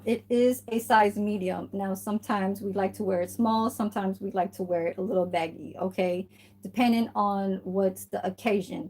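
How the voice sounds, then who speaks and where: A woman vlogging in casual chat, rambling, swearing freely and tagging her sentences with "okay?", filmed on a phone at home. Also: mid-range voice. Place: at home, indoors. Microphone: phone camera.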